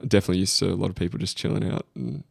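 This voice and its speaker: A young Australian man in his twenties, a guest chatting casually in a podcast interview, relaxed and a bit mumbly with many fillers. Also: deep voice, racing, creaky, slightly rough, no room sound, clean studio sound. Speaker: guest, college football punter.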